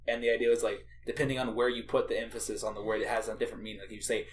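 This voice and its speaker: A mid-pitched man chats casually, agreeing often and feeling his way through his thoughts with many restarts. Faint ambient noise stays in the background. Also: steady tone, racing, few pauses. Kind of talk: casual discussion.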